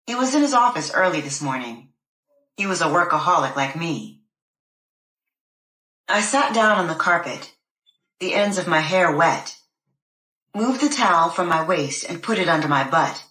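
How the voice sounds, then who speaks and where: A woman narrates an audiobook in the first person. Her voice sits on the low side, and her reading is measured and expressive. The recording has a noticeable room echo.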